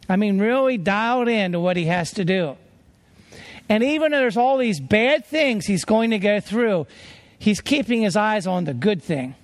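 A man preaching a sermon as a traveling preacher, earnest and emphatic as he tells stories. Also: high-pitched.

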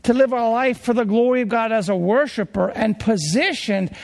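A man preaching a sermon as a pastor, in an earnest, slow delivery full of rhetorical questions. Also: extremely high pitch, a little mellow. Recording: long hall reverb.

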